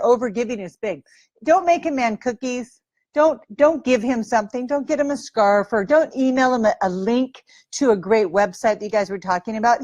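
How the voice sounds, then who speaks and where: A woman's voice: mid-range voice, a little mellow, no echo. A woman dating coach giving advice straight to camera in a breezy, playful way, acting out sample lines.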